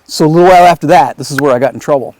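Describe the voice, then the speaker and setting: A man's voice: a little high, racing. A man teaching a video class, telling a conversational story and acting out other people's lines as he goes. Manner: conversational, lively retelling with acted quotes. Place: his home area in the countryside.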